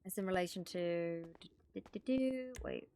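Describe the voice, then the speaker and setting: A woman's voice: fairly low pitch, moderate pace, dark tone, slight background noise. A woman role-playing a police officer, chatting in character with frequent swearing and stammered restarts. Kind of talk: in-character role-play chat.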